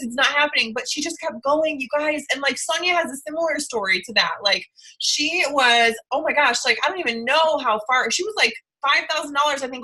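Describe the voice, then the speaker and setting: High, bright, breathy gushing woman. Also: rough recording. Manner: effusive, lots of "like" and "you guys". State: tearful. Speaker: team leader hosting a sales team call. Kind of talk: gushing motivational talk.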